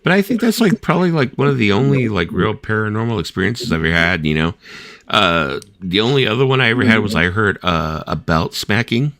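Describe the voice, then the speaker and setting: A man's voice: on the low side, animated, a little fast, a bit bright, no room sound. A man in his fifties hosting a casual late-night chat, rambling through stories full of "like" and "you know" and acting out the voices of the people he quotes. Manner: rambling storyteller, filler-heavy, lots of "like" and "you know"; acts out quoted voices while telling stories. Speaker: host.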